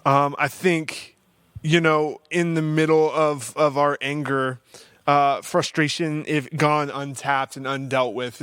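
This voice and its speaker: A man's voice: fairly high pitch, fairly bright tone, clear, resonant tone, no room sound. Man giving an earnest faith-based counseling talk. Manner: conversational, earnest, self-deprecating humor. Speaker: counseling livestream host.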